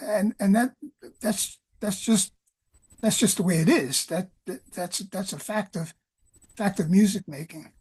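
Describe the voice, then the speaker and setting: A woman lecturer in an academic discussion, talking in halting phrases with many restarts. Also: mid-range voice, a little mellow, husky.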